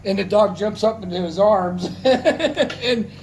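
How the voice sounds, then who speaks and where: A man's voice: high-pitched, slow pace, a little mellow, slight background noise, poor audio. A man, a military veteran, telling a personal story in a casual, heartfelt, rambling way, with many restarts.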